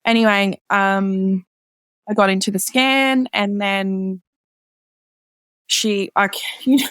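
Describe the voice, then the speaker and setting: A woman guest on a podcast tells a personal story in casual conversation, using lots of "like" and voicing other people's lines in a higher pitch. She speaks slowly with a steady, smooth, slightly bright voice in a clean studio recording with no room sound.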